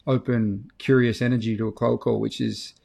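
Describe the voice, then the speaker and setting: A man's voice: medium pitch, little pitch movement, moderate pace, vocal fry, darkish tone. A man co-hosting a podcast, asking probing questions with hesitant fillers. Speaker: podcast co-host. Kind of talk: casual podcast discussion.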